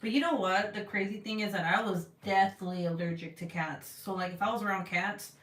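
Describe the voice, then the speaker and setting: A chatty woman vlogging to her viewers in a loose, rambling way, with plenty of likes and ums. Her voice turns lively when she acts out what others said. She sits back from the mic, in a room with a clear echo. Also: medium pitch, fairly quick. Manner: chatty, lots of fillers, animated when quoting others. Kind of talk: casual chat to camera. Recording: echoey room, voice a bit far from mic.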